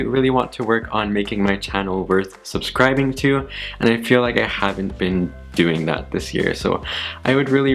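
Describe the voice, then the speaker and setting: A young man chatting casually on his channel, laughing often at himself and repeating words slowly to practice saying them. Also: mid-range voice. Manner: giggly, self-deprecating, repeats words slowly. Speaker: YouTuber. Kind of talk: casual vlog, word list.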